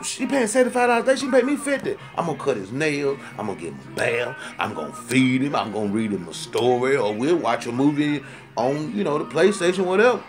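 Heated, high-pitched profane ranting man. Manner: profane, heated and rambling, repeats himself for emphasis; animated, rising to loud indignant outbursts. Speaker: storyteller ranting to camera. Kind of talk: comic rant monologue.

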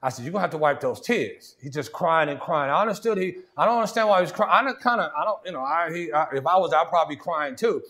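A man's voice: a little high, a bit bright. Man preaching a casual, conversational sermon. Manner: conversational preaching with repeated "see" and "watch this"; frequent restarts and stammered repeats.

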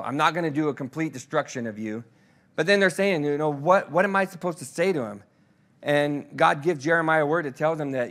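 A man's voice: a little high, a bit bright. Conversational man teaching scripture. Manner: conversational, frequent "you know" fillers; reads scripture aloud slowly and emphatically. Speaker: pastoral care leader teaching scripture. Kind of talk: verse-by-verse Bible teaching.

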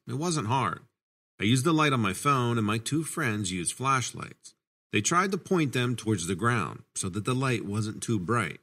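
Lively low-voiced male horror narrator. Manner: casual, conversational storytelling. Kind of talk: scripted first-person horror narration.

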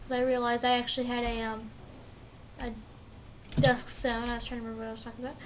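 A young woman commentating her own Pixelmon let's play, rambling casually and bursting into excited shrieks. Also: a little high, fast talker, slight background noise. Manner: chatty, swings from mumbling to excited shrieks. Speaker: gaming YouTuber.

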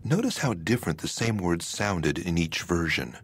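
Male narrator, deep husky voice, lively intonation, scripted lesson. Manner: measured, explanatory.

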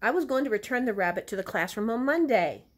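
A woman's voice: on the high side, animated, quick pace, pitched above the performer's own voice. A woman voicing a sneaky, smug schoolboy from a children's storybook, talking in a shifty, self-satisfied way. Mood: confessing.

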